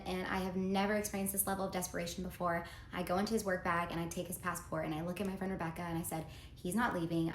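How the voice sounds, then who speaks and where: A woman's voice: fairly low pitch, pushed and bright. A woman telling her own story in a casual storytime monologue, earnest and confiding, reading out text messages as she goes. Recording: roomy echo, faint background noise.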